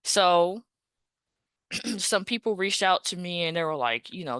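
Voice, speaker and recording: Lowish-voiced woman telling a story. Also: measured pace, long pauses, clear, resonant tone, dry recording. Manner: animated, acts out both sides of conversations; conversational, frequent "like" and "you know". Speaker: podcast host. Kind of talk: casual storytelling.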